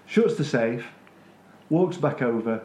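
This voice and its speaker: A man's voice: mid-range voice, lively intonation, slow, mellow, echoey room. A man, making wry, critical remarks while chatting casually about a TV episode. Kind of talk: casual chat reviewing a TV episode.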